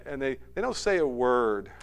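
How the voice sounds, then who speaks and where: A male pastor reading scripture and preaching a sermon, telling stories animatedly and building to loud, emphatic peaks. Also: medium pitch, sing-song, measured pace, smooth.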